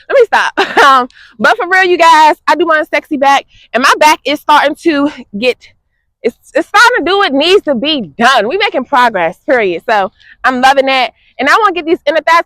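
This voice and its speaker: A young woman, chatting casually to her viewers in an animated way, laughing often. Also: high-pitched, dry recording. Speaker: fitness vlogger. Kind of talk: casual vlog chat to viewers.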